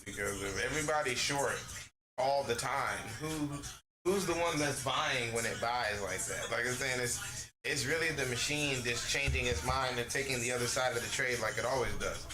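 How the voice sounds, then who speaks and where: A man's voice: mid-range voice, moderate pace, over music. Rambling, profane male streamer, echoey. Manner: rambling, profane, heavy slang. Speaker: gaming streamer. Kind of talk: casual rant while gaming. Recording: echoey room with noise.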